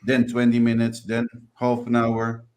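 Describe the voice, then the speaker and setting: A man co-hosting a casual football livestream, giving his opinions in a measured way. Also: mid-range voice, completely flat delivery, darkish tone. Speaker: livestream co-host.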